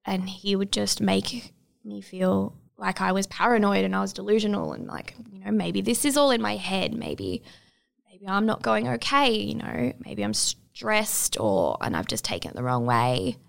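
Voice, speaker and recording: A young woman in her twenties, giving a reflective, halting personal testimony in an interview. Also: mid-range voice, very animated, vocal fry. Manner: reflective, halting, many fillers.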